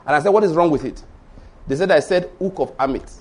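Nigerian Yoruba-accented pastor, slightly high voice. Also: male voice, fast, husky. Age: middle-aged. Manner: storytelling, emphatic, repeats points. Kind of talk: sermon.

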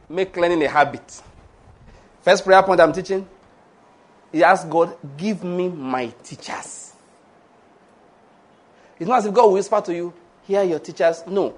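Pastor preaching, high voice, jokey, laughs a lot. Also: male voice. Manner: animated and humorous, laughing often, acting out quoted voices. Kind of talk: sermon.

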